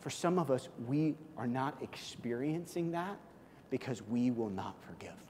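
Animated preacher in a reverberant hall. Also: male voice, mid-range voice, unhurried. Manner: storytelling, animated, jokes with the congregation. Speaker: pastor. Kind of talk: sermon. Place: church hall. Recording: long hall reverb, faint room noise.

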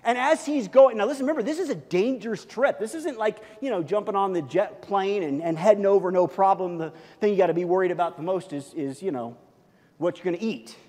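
High-voiced pastor preaching in a reverberant hall. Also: male voice, a little fast. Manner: conversational, animated storytelling with many fillers and repeats. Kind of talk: sermon.

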